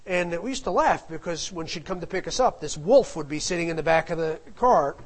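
A man's voice: on the high side, animated, brisk, rough recording. A middle-aged man telling a family anecdote in a casual, rambling way, full of asides. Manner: rambling, digressive, with frequent asides. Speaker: storyteller.

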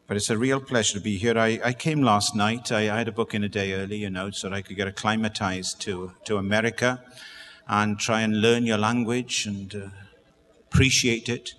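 A man's voice: on the low side, little pitch movement, moderate pace, fairly bright tone, long reverb tail. A man from Wales with a Welsh accent, preaching with chatty, self-deprecating asides before reading scripture. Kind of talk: sermon with humorous asides.

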